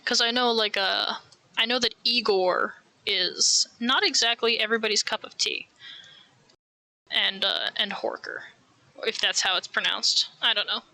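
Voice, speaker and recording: A woman's voice: fairly high pitch, fairly even intonation, unhurried, pushed and bright. An American woman streaming live while knitting, chatting casually in rambling, self-mocking asides.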